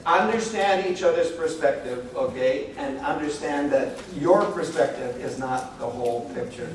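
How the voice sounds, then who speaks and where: A middle-aged man giving a relaxed, joking church talk on marriage, full of "okay?" and "like". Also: on the high side, normal speed, slight background noise. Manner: animated, joking, many "okay?" and "like". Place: church hall. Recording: echoey room from far off.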